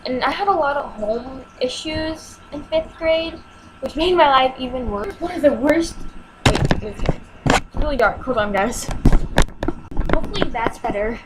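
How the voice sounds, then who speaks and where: A teenage girl with a high voice and lively intonation tells a personal story in a home vlog, taking her time. She's exasperated and emotional, acting out what people said, with background noise behind her.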